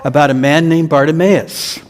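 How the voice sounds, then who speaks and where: A man, a pastor, telling a children's sermon as a slow story and asking the children questions. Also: fairly high pitch, steady tone. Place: church. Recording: long church reverb.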